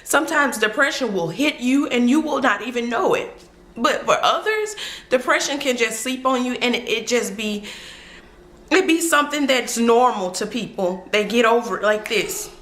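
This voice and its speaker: A woman's voice: fairly high pitch, expressive, moderate pace, a bit bright. A woman vlogger talking heartfelt to the camera, earnest and insistent, repeating phrases for emphasis, in a room at home on the camera mic. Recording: echoey room.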